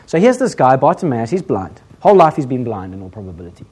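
A man with an English accent preaching a sermon in a conversational, humorous style, full of asides and lively retellings. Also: mid-range voice, fast talker, slightly rough. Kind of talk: sermon with storytelling.

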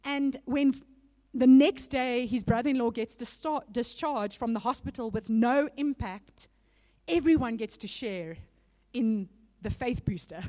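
Higher-voiced woman preaching conversationally. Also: unhurried, dark tone. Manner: conversational, earnest, laughs between points. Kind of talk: sermon.

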